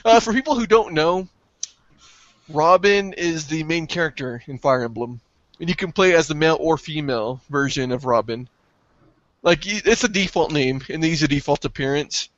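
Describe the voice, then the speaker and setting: A man co-hosting a casual gaming podcast, excitable and profane, breaking into yelps when something thrills him. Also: on the high side, moderate pace, no echo, muffled recording. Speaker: podcast co-host.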